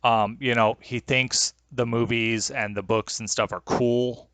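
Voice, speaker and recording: Young male game master on a video call, hesitant and rambling, dry sound, mid-pitched. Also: level tone, unhurried, fairly bright tone, smooth, dry recording. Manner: rambling, hesitant, many fillers. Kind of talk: narrating a tabletop game over a call.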